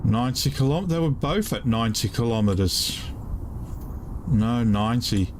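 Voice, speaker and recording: An older British man talks through a live game stream, thinking aloud in puzzled fragments and trailing off mid-thought. His voice sits at an ordinary middle pitch. A faint layer of game ambience and noise sits under his voice. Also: lively intonation, normal speed. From United Kingdom. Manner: baffled, muttering to himself with trailing half-sentences. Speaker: gaming streamer. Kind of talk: live gameplay commentary.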